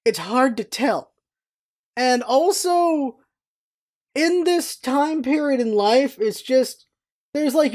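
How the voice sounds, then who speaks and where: A vlogger in their thirties talking casually and at length, meandering from one thought to the next with frequent restarts. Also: darkish tone. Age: 30s. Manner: chatty and meandering, with frequent restarts and jumps in pitch. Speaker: vlog host. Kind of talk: casual rambling vlog talk.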